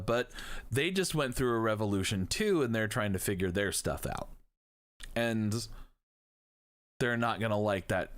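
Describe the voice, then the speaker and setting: A man teaching history on a live stream, talking in a casual, jokey way and swearing now and then. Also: mid-range voice. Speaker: history professor.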